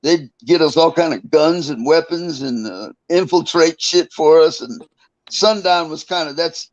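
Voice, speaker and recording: A man's voice: on the high side, animated, measured pace, lo-fi sound. Older man telling profane, rambling stories. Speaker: interview guest, former prisoner. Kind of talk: casual storytelling interview.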